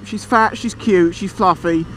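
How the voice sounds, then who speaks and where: A British man vlogging from a motorbike, telling a story in a chatty, animated way and swearing freely. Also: sits high, a little slow. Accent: British English. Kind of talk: casual storytelling while riding. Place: on a motorbike outdoors. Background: traffic and engine noise.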